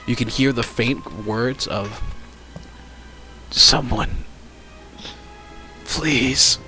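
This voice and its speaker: A man narrating as game master of a tabletop role-playing session, pausing often with fillers as he describes the scene. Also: medium pitch, pushed and bright. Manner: hesitant, lots of fillers.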